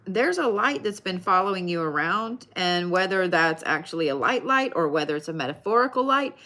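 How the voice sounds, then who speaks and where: A woman's voice: fairly low pitch, lively intonation, a little fast, bright, forceful tone. Chatty woman reading cards live. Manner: chatty, addresses viewers by name. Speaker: tarot card reader. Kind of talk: live card reading stream.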